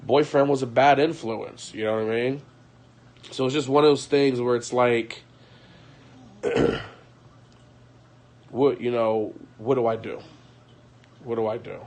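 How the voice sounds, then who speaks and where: A man speaking in an emotional confessional monologue, retelling events in an agitated way with sharp swings from loud to quiet, frequent restarts and blunt swearing. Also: medium pitch, fairly even intonation, a little slow, long pauses. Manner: agitated storytelling, voice rising and falling sharply. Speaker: vlogger.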